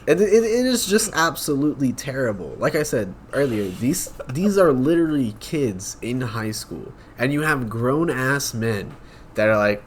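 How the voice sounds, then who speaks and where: A man's voice: mid-range voice, lively intonation, moderate pace, slight background noise. A young man co-hosting a casual podcast, speaking bluntly and emphatically. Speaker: podcast co-host. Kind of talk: casual chat.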